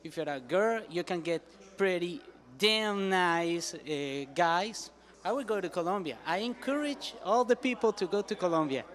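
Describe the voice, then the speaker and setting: A man's voice: sits high, expressive, normal speed, a bit bright. A man answering street interview questions in a rambling, hesitant way.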